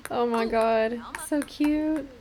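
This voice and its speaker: A woman's voice: a little high, slow, a crowd in the background. A young woman casually narrating a life-sim game, bubbly and gushing, often saying like. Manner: bubbly, gushing, says like a lot. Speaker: let's play narrator.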